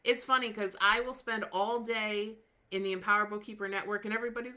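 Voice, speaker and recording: A woman's voice: medium pitch, brisk, sharp tone. A woman in her thirties hosting a podcast, talking casually and candidly with lots of fillers, encouraging her listeners. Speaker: podcast host.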